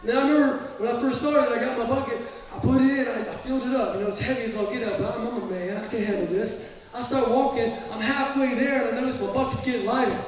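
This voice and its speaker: A man in his thirties with a Southern US accent, preaching a sermon as pastor, telling animated, self-deprecating stories. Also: very high voice, fast, few pauses, heavy reverb, in a large hall, recorded from a distance, a crowd in the background, poor audio. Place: church sanctuary.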